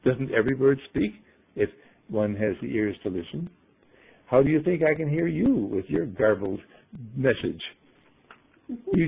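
A man voicing a calm, wise talking bird that lectures patiently, with a husky, gravelly voice. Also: mid-range voice, dull audio, heavily acted.

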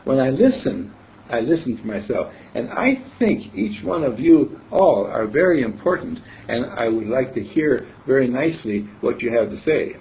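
A man's voice: medium pitch, big pitch swings, normal speed, gravelly. A man leading a group meeting who talks in a casual, teasing way and laughs often. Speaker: meeting leader. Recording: slightly dull with faint noise.

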